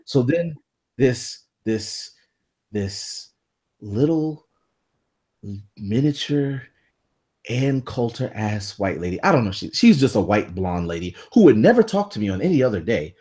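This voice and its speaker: A man co-hosting a podcast, telling a story in a casual, animated way, swearing freely and acting out the people in it. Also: medium pitch, measured pace, husky. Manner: animated, profane, acts out voices. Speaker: podcast co-host.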